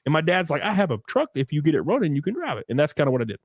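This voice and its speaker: Man, podcast host, lively swinging pitch, profane animated storyteller, dry close mic. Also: very fast, no room sound. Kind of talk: casual podcast chat.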